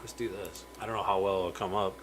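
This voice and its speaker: Crowd noise sits behind this man's low, steady voice, which moves at a quick pace on a low-quality recording. Hosting a casual stream in his home fish room full of aquariums, he chats openly, calls out viewers by name, and stumbles over words at times.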